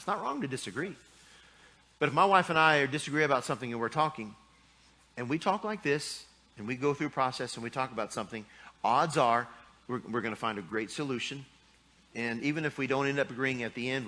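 A man's voice: medium pitch, sharp tone. A middle-aged man preaching a sermon in a folksy, joking way, acting out little scenes from married life. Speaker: pastor.

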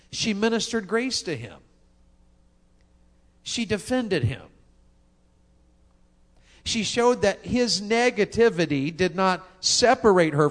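A man preaching a sermon, driving his points home with rhetorical questions. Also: high voice. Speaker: pastor.

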